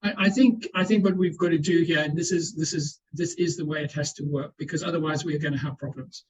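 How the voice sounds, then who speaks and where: A man with a slightly high, breathy voice and fairly even intonation talks at a quick pace while explaining answers on a webinar panel. He's earnest and often repeats words as he restarts, coming through a video call with dull audio.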